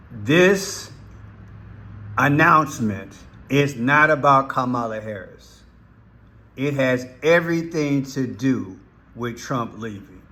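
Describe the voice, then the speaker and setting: A man hosts a casual political commentary channel on YouTube, folksy and emphatic, stretching his words out slowly. His voice is mid-range with a fairly bright tone.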